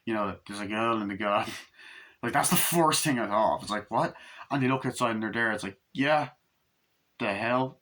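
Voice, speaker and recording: A man giving a casual spoken movie review, rambling and excitable, swearing often as he recounts scenes. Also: fairly low pitch, fast talker.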